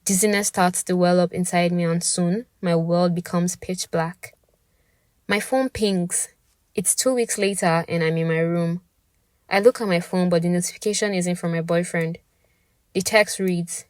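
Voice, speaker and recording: Young female storyteller, low pitch, dry close sound, dramatic and intimate. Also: fairly even intonation, measured pace, darkish tone, dry recording. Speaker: podcast narrator. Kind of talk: first-person scripted story narration.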